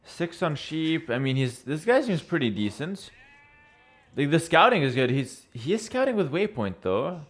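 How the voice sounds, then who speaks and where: Young male streamer, casual game commentary, bouncy expressive pitch, joking, rambling asides. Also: normal speed. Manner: chatty, joking, thinks aloud with fillers. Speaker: streamer casting a strategy game.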